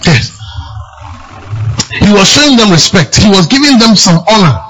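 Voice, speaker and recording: Forceful male pastor, high and lively, preaching. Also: moderate pace, slight background noise, rough recording. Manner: forceful, emphatic, often shouting. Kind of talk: sermon.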